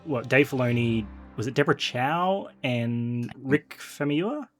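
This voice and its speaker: A man hosting a casual chat, talking excitedly with many fillers and restarts. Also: medium pitch, unhurried, soft background music. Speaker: podcast host.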